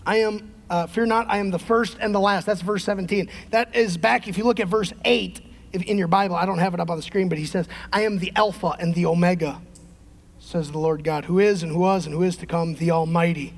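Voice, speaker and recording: A middle-aged male pastor preaching a sermon, emphatic, swinging from shouted peaks to quiet conversational asides. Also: high-pitched, steady tone, fairly quick. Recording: long hall reverb.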